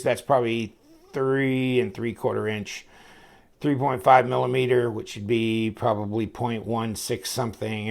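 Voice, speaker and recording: A man with a gravelly, fry-laden voice talks through a knife review in a loose, rambling way. He gets excitable and his pitch jumps around constantly as he shows the knife to his viewers. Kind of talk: casual product review.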